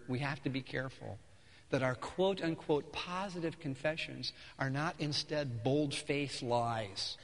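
Male pastor, high bright voice, dramatic sermon, long church reverb. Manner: dramatic, acts out scenes, swings from hushed to shouting.

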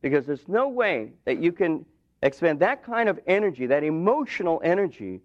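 A man's voice: a little high, very animated, normal speed. A man preaching a sermon in a church, retelling scripture with dramatic rises and drops in intensity. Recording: dull lo-fi sound.

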